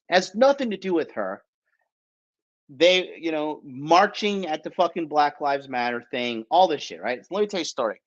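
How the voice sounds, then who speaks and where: American guy ranting a story, swears a lot, keeps saying right?, kinda muffled lo-fi audio. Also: on the high side. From United States. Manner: profane, blunt, rambling with many "right?" tags. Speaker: podcast host. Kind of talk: casual storytelling.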